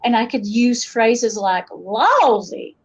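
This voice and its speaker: Lively Appalachian woman telling stories. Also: fairly high pitch, moderate pace. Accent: Appalachian Southern. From western North Carolina. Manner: lively storytelling, shifts accent to match listeners. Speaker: guest folklorist. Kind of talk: casual interview chat. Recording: muffled lo-fi audio.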